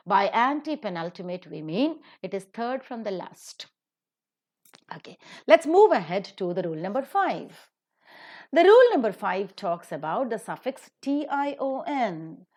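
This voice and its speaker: Indian english lady going over word stress rules, says each example slowly twice, voice goes up and down a lot. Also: on the high side, a little mellow. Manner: explains rules step by step, repeating example words slowly. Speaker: English pronunciation teacher. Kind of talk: recorded slide lecture.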